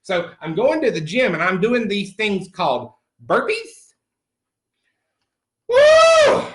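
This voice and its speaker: A man's voice: high voice, very animated, measured pace, a bit bright, exaggerated voice. A man playing a crude country dude. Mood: brash. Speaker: comedy character host. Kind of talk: improvised comic monologue. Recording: roomy echo.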